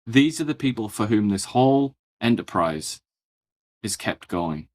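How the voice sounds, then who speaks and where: A man co-hosting a political chat show, his voice on the low side. He delivers dry, mock-serious sarcasm. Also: expressive, unhurried. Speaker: co-host.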